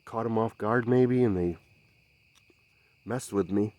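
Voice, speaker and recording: A man investigating the woods by a swamp at night, speaking in a hushed, halting, searching way and sometimes calling out loudly. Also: lowish voice, lo-fi sound. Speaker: field investigator. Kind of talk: night field investigation commentary.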